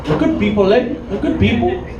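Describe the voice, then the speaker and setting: A man's voice: high-pitched, big pitch swings, fairly quick, muffled recording. A man voicing a tough, tattooed Mexican-American man who drawls in slang and keeps tagging his lines with "eh". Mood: laid-back. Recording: echoey club from a distant mic with crowd noise.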